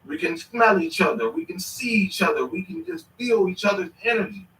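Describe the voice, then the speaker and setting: A man in his thirties telling stories in casual chat, animated and swearing freely. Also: high-pitched, a little fast, far from the mic. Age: 30s. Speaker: podcast host. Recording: echoey room, away from the mic.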